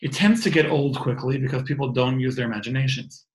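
A man's voice: mid-range voice, fast talker, poor audio. Man, 30s, earnest informal teacher; restarts phrases, video-call sound. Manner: earnest, repeats and restarts words. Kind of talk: informal talk on faith and wellbeing.

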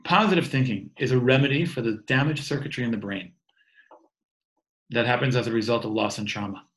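A man's voice: medium pitch, brisk, rough recording. A man in his thirties giving an informal, earnest talk on faith and wellbeing over a video call, often repeating and restarting words. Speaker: teacher.

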